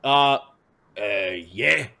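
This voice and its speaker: A man narrating as game master of a tabletop game, relaxed and chuckling, with many fillers. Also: mid-range voice, very slow, gravelly.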